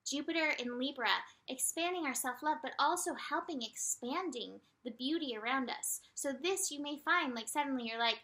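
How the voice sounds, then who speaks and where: A woman with a high, bright voice talks through a day's astrology and tarot reading. Her delivery is gentle and soothing, broken up by light laughs and animated, quoted asides. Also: fairly quick, few pauses. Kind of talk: casual spiritual forecast.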